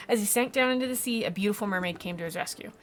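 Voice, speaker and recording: A woman's voice: medium pitch, racing, slight background noise, close to an everyday voice. A woman voicing an earnest young girl who worries about her lost father. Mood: storytelling. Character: young girl, upset daughter of a lost captain.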